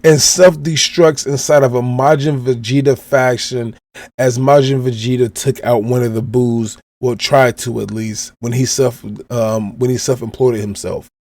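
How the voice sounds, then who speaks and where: A man's voice: mid-range voice, steady tone, unhurried, darkish tone, no echo. Chicago guy recapping a chapter on his podcast, quoting the characters as he goes, dry close mic. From Chicago, USA. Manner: retells the story step by step, quoting characters' lines. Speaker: podcast host.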